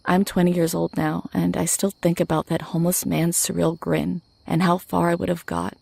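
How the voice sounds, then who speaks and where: Lady narrating a scary story, deep flat voice, kinda gravelly, dry sound. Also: dry recording. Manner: low-key, measured storytelling. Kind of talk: scripted first-person narration.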